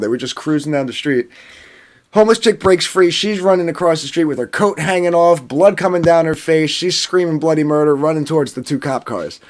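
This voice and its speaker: Man telling a crude story, fairly high voice, acts out quotes, casual panel chat. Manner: animated, swearing, acts out quotes. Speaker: podcast panelist.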